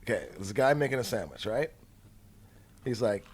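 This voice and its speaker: Animated, swearing male podcast host. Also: on the low side, normal speed, breathy edge. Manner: animated, swears freely, tells stories with quoted voices. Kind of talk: casual storytelling chat.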